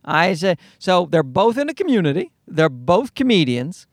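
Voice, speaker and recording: A comedian from Newfoundland with a Newfoundland accent, rambling through a profane, self-mocking solo podcast monologue. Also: male voice, sits high, very animated, normal speed, dry recording, studio quality.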